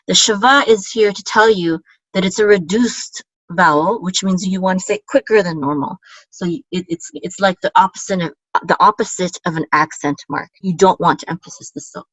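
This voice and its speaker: A woman teaching a relaxed online language lesson, explaining patiently and often checking in with "okay?". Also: lowish voice, fairly quick, no room sound. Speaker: Biblical Hebrew teacher. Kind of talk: casual screen-share lesson. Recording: dull, dry lo-fi sound.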